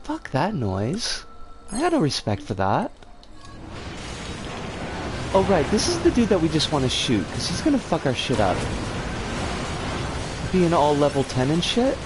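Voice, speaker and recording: Animated, slow-talking streamer. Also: mid-range voice. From United States. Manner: profane, exasperated outbursts. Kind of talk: live gameplay commentary. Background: game music.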